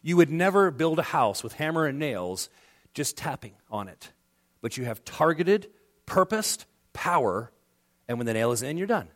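A middle-aged male pastor delivers a sermon in a conversational way. His voice sits slightly high and rises and falls in a lively, animated way. He briefly acts out the people he quotes. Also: normal speed.

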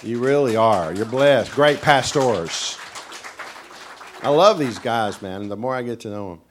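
A man's voice: medium pitch, a little slow, noisy background. Folksy East Tennessee preacher man. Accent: East Tennessee Southern. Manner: animated storyteller who acts out characters. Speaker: guest preacher. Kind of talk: folksy sermon storytelling.

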